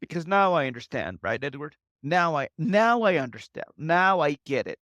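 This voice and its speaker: A man in his thirties, a podcast guest, speaking tearfully in an earnest, halting way and often repeating himself. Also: on the high side, sing-song, fairly bright tone, no room sound. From United States and Mexico. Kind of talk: emotional interview talk.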